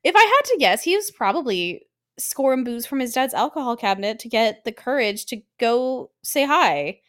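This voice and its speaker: A woman's voice: fairly high pitch, very animated, fairly bright tone. A woman co-hosting a podcast, joking her way through a casual recap of a TV show. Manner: playful, jokey, quick asides. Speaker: podcast co-host.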